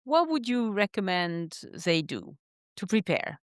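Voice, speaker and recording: A woman's voice: medium pitch, big pitch swings, unhurried, no room sound, clean studio sound. Frank, emphatic woman podcast host. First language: not English. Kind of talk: interview conversation.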